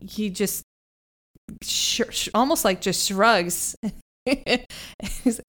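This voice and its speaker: A woman running a tabletop game as game master, with chatty, halting narration. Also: medium pitch, fairly bright tone.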